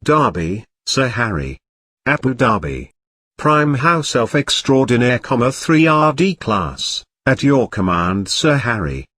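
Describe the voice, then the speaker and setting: A jumpy little house elf, eager to serve and quick to fret, lurching between high squeaks and a deep, cringing "sir", put on by a man. The voice swings widely in pitch and sits close and dry on the mic, like a storybook reading. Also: sing-song, fairly bright tone, dry recording, full character voice. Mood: earnest. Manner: servile, ends sentences with a low drawn "sir". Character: timid excitable male house elf servant.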